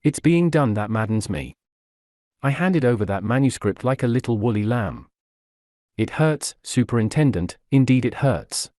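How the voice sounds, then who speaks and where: A man voicing a quick-witted young gentleman who speaks lightly and ironically. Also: mid-range voice, expressive, no room sound, studio quality, lightly acted. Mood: breezy rueful.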